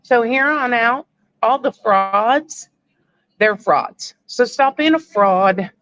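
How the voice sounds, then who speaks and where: Woman, podcast caller, emphatic fan take, slow, a bit high, dull call audio. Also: lively intonation, fairly bright tone, no room sound. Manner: firm, emphatic fan opinion. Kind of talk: casual sports call-in chat.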